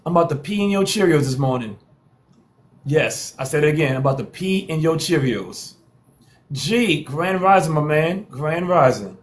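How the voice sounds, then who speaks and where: A man's voice: fairly high pitch, lively intonation, normal speed. A man hosting a live social stream, hyping viewers with repeated calls to follow and share and playful trash talk.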